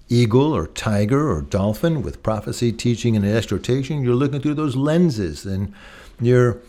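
A man's voice: fairly low pitch, a little mellow. A middle-aged male pastor preaching a sermon in a conversational way, telling a personal story and listing words one by one.

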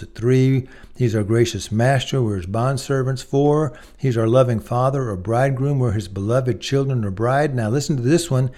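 A man's voice: medium pitch, warm tone. A man preaching a sermon, earnest and emphatic, speaking directly to his listeners as friends.

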